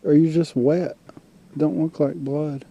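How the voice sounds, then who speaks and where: A man, rambling in halting bits as he talks to a hurt animal on the road. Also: fairly high pitch, little pitch movement, gravelly, dark tone, dull audio. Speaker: passerby filming a hurt raccoon. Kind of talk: casual filmed talk.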